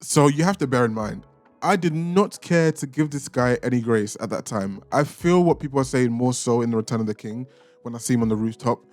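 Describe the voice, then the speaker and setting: A man's voice: medium pitch, a little fast, darkish tone, no echo. Young guy ranking movie characters, chatty and cheeky, faint music behind. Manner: chatty, opinionated, playfully insulting. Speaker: reaction channel host. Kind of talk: casual ranking commentary.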